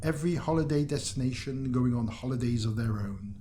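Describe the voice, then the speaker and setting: A man reads a weird tale aloud, amused and chuckling as he goes. His voice is mellow and warm, at an ordinary middle pitch. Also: fairly quick, a little hiss or hum. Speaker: story reader.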